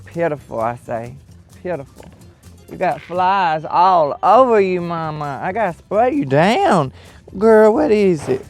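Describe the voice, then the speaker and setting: A man tends his farm animals outdoors, scolding and sweet-talking them in turn. His talk is sassy and full of cursing, delivered at an unhurried pace with big swoops in pitch. Faint music plays behind him. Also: sing-song. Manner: sassy, profane, theatrical asides to animals. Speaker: comedian doing farm chores.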